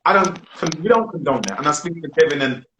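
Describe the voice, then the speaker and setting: A man's voice: on the high side, expressive, quick pace, a bit bright. A British man hosting a group discussion, speaking emphatically and asking rhetorical questions. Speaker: discussion host. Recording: roomy with faint noise.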